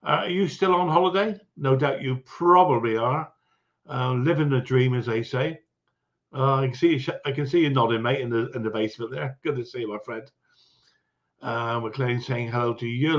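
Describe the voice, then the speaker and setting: A man hosting a relaxed livestream, working through a chat full of viewers and greeting each one in turn. His voice sits at an ordinary middle pitch, and the recording sounds a little dull and lo-fi. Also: normal speed. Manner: chatty, greets viewers one by one, chuckles often. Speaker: livestream host.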